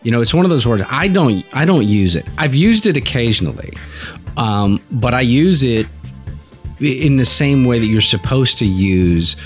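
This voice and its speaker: A man's voice: medium pitch, big pitch swings, normal speed, faint music behind. A man co-hosting a casual podcast chat, telling a long, winding story. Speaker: podcast co-host.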